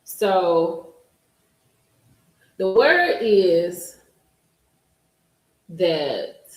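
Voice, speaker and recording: A woman's voice: on the low side, big pitch swings, very slow. A woman in her forties hosting a live stream, chatting casually and telling stories straight to her viewers. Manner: chatty storyteller addressing viewers directly. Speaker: livestream host. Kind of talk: casual gossip livestream chat. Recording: roomy echo.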